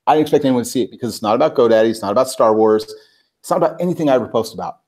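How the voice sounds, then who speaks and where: A man, a guest on a talk show, telling a personal story in casual, animated talk, full of filler words and acted-out quotes. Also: mid-range voice, racing. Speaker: guest, personal branding expert.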